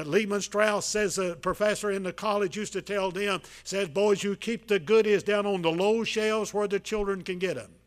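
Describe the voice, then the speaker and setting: An older pastor delivers a folksy sermon in a high voice for a man. He stumbles through strings of "uh"s, then punches key lines loudly before dropping to quiet asides. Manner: folksy, repetitive, many filler "uh"s, swings between loud emphasis and quiet asides.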